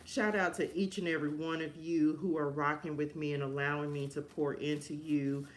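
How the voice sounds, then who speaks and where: A woman's voice: sits low, fairly even intonation, normal speed, hardly any pauses. A woman hosting a live stream, giving a fervent, emotional motivational message with preacher-like repetition. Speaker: live-stream host and life coach.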